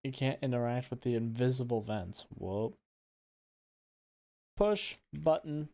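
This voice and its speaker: A man's voice: medium pitch, animated, unhurried, gravelly, pauses often, a little mellow. A man on a casual livestream, reading a text game aloud and typing commands, swearing now and then. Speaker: streamer.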